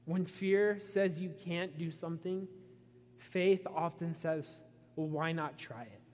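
A man preaching a sermon, retelling a story with animated asides and voicing the characters' frustration. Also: on the high side, slow, slight background noise. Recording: long reverb in a hall.

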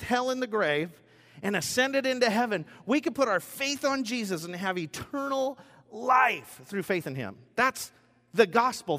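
A man gives a relaxed, conversational sermon, tossing in jokes and asides as he preaches. His voice sits a little high for a man. It rings with the long reverb of a large sanctuary. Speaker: pastor.

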